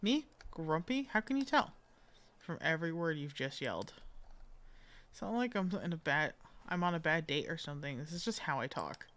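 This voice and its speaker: A woman's voice: low-pitched, lively intonation, moderate pace, fairly bright tone. A woman reading aloud the lines of a grumpy, overworked young female engineering consultant in a game, irritable and defensive.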